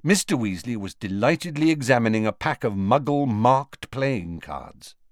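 A man narrating an audiobook with expressive storytelling on a close studio mic. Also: medium pitch, normal speed, dry recording. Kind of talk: scripted narration.

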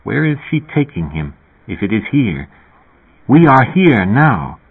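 A puzzled, bewildered man, as a man voices him, thinking aloud in slow, questioning lines. The voice is husky. The audio has a thin, phone-like quality. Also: on the low side, big pitch swings, heavily acted. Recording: tinny phone-like sound.

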